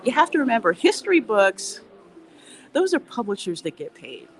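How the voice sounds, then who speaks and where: A woman hosting a casual, educational walking livestream, chatty and animated as she greets viewers. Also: a little high, moderate pace, slight background noise, poor audio. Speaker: livestream host.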